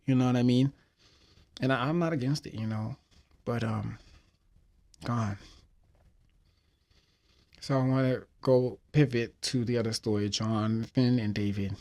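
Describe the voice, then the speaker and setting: A man's voice: medium pitch, a little mellow. A man hosting a podcast, telling a story in a heartfelt, hesitant way while reflecting on losing a friend. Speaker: podcast host.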